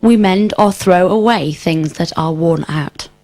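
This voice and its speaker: A woman with a slightly low voice answers in a scripted language drill. She gives careful, complete sentences that echo each question. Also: unhurried, a little mellow. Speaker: student in drill.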